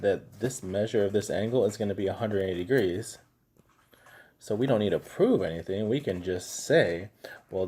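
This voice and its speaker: Math teacher, middle-aged man, low mellow husky voice, easygoing anecdotal delivery. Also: slight background noise. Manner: relaxed, chatty, tells anecdotes with lots of fillers. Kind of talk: casual classroom lesson.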